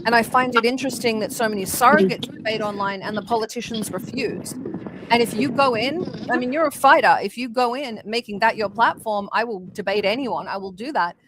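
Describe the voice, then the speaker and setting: Woman co-host, keen and warm-hearted in her chat, faint hiss in the background. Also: a little high, brisk, rough recording. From Commonwealth country. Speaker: podcast co-host. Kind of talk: casual podcast chat.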